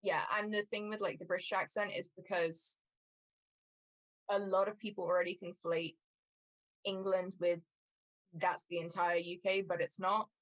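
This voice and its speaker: A woman's voice: lowish voice, little pitch movement, moderate pace, pauses often, dry recording. A woman explaining things in casual livestream chat, with many fillers. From Scotland. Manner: explanatory, lots of "like" and "um". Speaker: cosplay livestream co-host.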